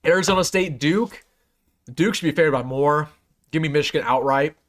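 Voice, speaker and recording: Young guy on a sports livestream, fairly high voice, hyped and emphatic, says stuff twice. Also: normal speed. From United States. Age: young adult. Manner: excitable, emphatic, repeats himself. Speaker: sports channel host. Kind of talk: live-stream bowl picks chat.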